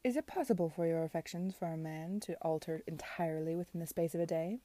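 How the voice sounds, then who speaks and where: A man's voice: on the high side, fast, warm tone, no room sound, lightly acted. A woman reading aloud as a young male lord, earnest and perplexed, in a storybook reading.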